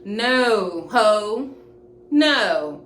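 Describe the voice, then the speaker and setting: A young woman, casually telling an animated, profane storytime to camera. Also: mid-range voice, drawn-out words, faint music behind. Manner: animated, profane, jumps into quoted voices. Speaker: storytime vlogger. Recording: roomy echoey room with faint hiss.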